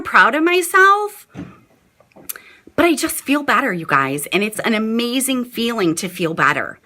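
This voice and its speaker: A woman's voice: a little high, sing-song, normal speed, bright, forceful tone. Bubbly, chatty woman on a live stream. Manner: gushing, chatty, says "you guys" often. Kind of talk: casual live-stream talk to viewers.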